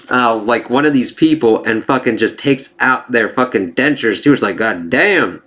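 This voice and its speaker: A man's voice: medium pitch, moderate pace, hardly any pauses, bright, forceful tone. A man giving a casual spoiler review of a comic. He swears freely, rambles and corrects himself, and reads the dialogue aloud in livelier voices.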